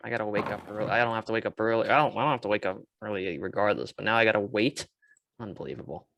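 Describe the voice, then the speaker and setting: A man's voice: on the low side, fairly even intonation, rapid-fire, fairly bright tone. A man co-hosting a casual sports podcast, giving loose, rambling opinions and correcting himself. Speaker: podcast co-host.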